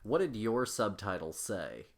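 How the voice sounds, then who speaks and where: A man's voice: fairly low pitch, sing-song, measured pace. A man co-hosting a film podcast, explaining his thoughts on a movie in a thoughtful, casual way. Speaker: podcast co-host.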